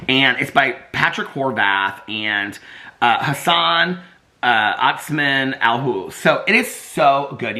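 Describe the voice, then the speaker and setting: Chatty excitable guy vlogging, bright voice, lots of laughs and likes. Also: mid-range voice, slight background noise. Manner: excitable, laughs often, chatty with many fillers. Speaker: vlogger reviewing a graphic novel. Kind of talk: casual chat.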